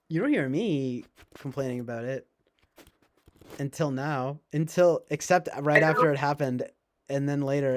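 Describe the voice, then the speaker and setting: Man streamer, mid-pitched voice, sarcastic rambling chat with lots of swearing. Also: darkish tone. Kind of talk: casual rambling chat to viewers.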